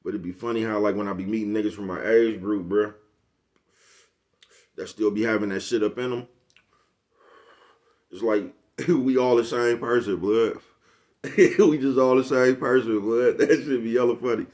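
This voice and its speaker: A man's voice: on the low side, steady tone, normal speed, pauses often, darkish tone. A man with a Bay Area accent talking casually to camera in a slangy, rambling monologue and laughing often. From San Francisco Bay Area. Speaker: vlogger.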